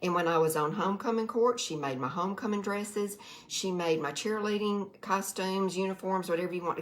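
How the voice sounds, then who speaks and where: A woman, chatting on a livestream, tired and nervous, folksy, greeting viewers by name. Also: lowish voice. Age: 60s. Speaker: direct sales livestreamer. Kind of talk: casual livestream talk to viewers. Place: quiet room.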